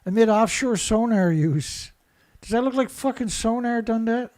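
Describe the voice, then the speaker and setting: His voice is very high and a little mellow, moving at normal speed. This Canadian environmental commentator gives a ranting commentary over news clips, swearing and sneering at the reports he reads.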